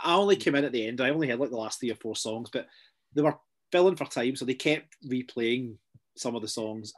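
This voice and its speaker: Chatty sardonic man. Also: medium pitch. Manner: chatty, sardonic, quick asides. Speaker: podcast co-host. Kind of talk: casual chat.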